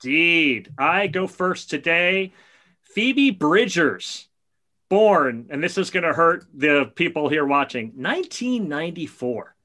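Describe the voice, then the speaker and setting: A man's voice: fairly high pitch, big pitch swings, takes it slowly, bright, forceful tone. A man co-hosting a podcast, chatting casually and telling enthusiastic stories. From New Jersey area. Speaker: podcast co-host. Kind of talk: casual chat.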